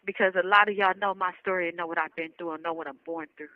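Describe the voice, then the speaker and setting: A woman's voice: fairly low pitch, steady tone, fast, no room sound. A woman survivor giving an impassioned, emotional spoken message to other women, rallying them with repeated calls. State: emotional, near tears. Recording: dull lo-fi recording.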